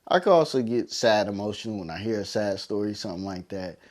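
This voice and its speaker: A man hosts a heartfelt solo podcast, teary and emotional, driving his points home with preacher-like repetition. His voice sits on the low side, a little mellow, and he talks fast.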